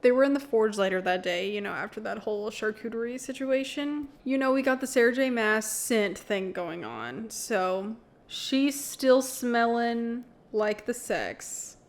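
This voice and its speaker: A woman's voice: a little high, expressive, measured pace, few pauses. Giggly young woman reading aloud. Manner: giggly, blunt, swears freely. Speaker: book vlogger. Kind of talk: casual reading vlog with commentary.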